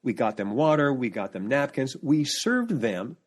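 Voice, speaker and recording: Man telling lively stories as a podcast guest. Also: medium pitch, normal speed. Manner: animated storyteller, full of family anecdotes; restarts sentences while searching for words. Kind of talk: casual interview chat.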